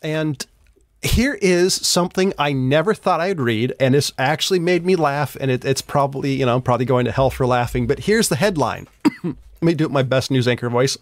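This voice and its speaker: A man's voice: mid-range voice, fairly quick, no echo, studio quality. A man hosting a podcast, reading news headlines aloud with casual asides and stumbling over names.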